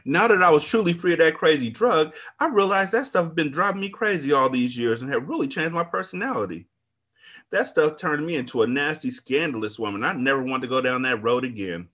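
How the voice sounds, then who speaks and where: A man's voice: fairly high pitch, expressive, a little fast, a bit bright. A man reading a book aloud as its first-person narrator, an older woman looking back on her life with relief and regret.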